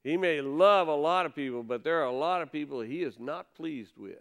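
Clear-voiced man preaching a sermon. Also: on the high side, a little fast, a bit bright. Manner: conversational preaching with emphatic stresses. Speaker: pastor.

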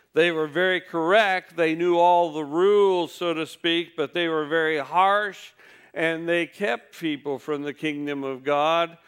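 Smooth-voiced male preacher with wry humor. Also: on the high side, fairly bright tone. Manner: folksy storytelling with wry humor. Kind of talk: sermon.

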